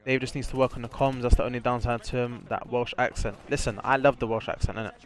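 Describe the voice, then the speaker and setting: Chatty young streamer. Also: male voice, medium pitch, fast talker. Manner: excitable, boastful banter with slang. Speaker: streamer hosting a watch party. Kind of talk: casual live-stream chat.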